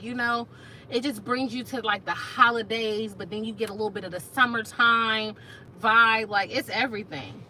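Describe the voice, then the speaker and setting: A woman hosts a casual live stream, reading comments aloud in a playful, slangy way. Her voice sits a little high and comes across bright and forceful. She sounds like she is in her thirties. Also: slight background noise, poor audio. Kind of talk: casual chat.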